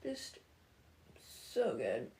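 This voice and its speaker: A woman's voice: a bass voice, huge pitch swings, extremely slow, darkish tone. A woman chatting casually with viewers on a livestream, laughing often and greeting them by name.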